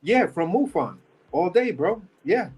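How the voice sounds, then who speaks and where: A man's voice: sits high, sing-song, a little slow, a little mellow, slightly rough, low-quality recording. A man, a podcast guest telling a rambling, slangy story in casual talk. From New York. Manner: slangy, rambling, talks with energy.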